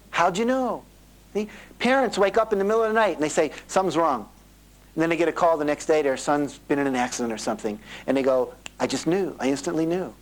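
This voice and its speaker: A middle-aged man leads a motivational seminar on an old cassette tape. His voice sits a little high, and he tells his stories with lively energy, slipping into the voices of the people in them. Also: rough recording. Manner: animated storytelling, acting out quoted voices. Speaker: seminar speaker. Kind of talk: motivational seminar talk to a live audience.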